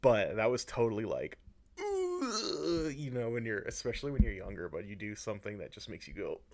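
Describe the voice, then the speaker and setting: A man's voice: on the low side, wildly swooping pitch, moderate pace, darkish tone, slight background noise. A young man hosting a podcast in a casual, rambling way, swearing and mocking himself often. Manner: rambling, self-mocking, swears and laughs a lot. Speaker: podcast host.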